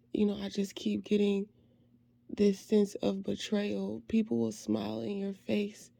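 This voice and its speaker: A woman pours out a personal, heartfelt monologue in a dark, mellow voice roughened with vocal fry. She speaks slowly and haltingly, letting phrases trail off softly. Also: mid-range voice, no echo. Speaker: faith ministry creator.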